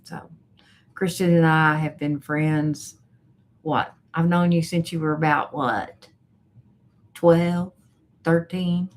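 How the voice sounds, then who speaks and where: A woman hosting a casual live stream as a coach, reading viewer comments aloud in a chatty, unhurried way with soft laughs. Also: low voice, fairly even intonation.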